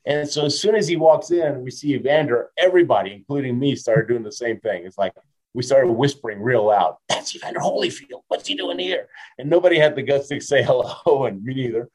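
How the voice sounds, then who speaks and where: A man in his fifties, a motivational speaker, spins anecdotes in a casual interview. He is lively and quick to laugh, and he keeps checking in with his listener. His voice sits at an ordinary middle pitch for a man. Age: 50s. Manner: lively, laughs often, tags lines with "right?".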